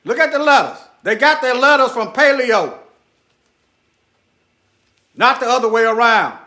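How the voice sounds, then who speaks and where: A man whose voice is very high, bright, and sharp-edged preaches his commentary straight at viewers, speaking a little slowly with lively intonation. He repeats short phrases for emphasis and mutters asides while hunting for things on screen. The room sounds spacious and echoey.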